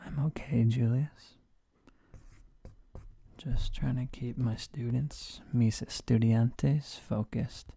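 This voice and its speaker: A man in a whispered role-play as a sleepy teacher, talking slowly and softly with a gravelly edge. His voice is hoarse from a sore throat and sits close on a dry mic. He drops deadpan jokes in the same hushed tone. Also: medium pitch, no echo. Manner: soft, sleepy, with deadpan joke mispronunciations. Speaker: streamer playing a Spanish teacher.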